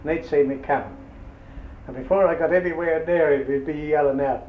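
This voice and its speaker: A man's voice: fairly high pitch, lively intonation, a little fast. Older man, interviewee, earthy yarn-spinner; roomy, lo-fi tape. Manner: rambling, earthy, chuckling anecdotes. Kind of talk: oral history storytelling. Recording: dull roomy old tape with hiss.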